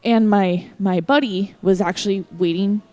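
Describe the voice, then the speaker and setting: Casual podcast co-host, young woman, mid-pitched, lively profane storyteller, dry close sound. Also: normal speed, no room sound. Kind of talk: casual chat.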